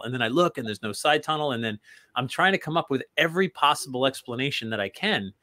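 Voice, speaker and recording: Man, guest in casual chat, animated joking storyteller, bright tense tone. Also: mid-range voice, fast.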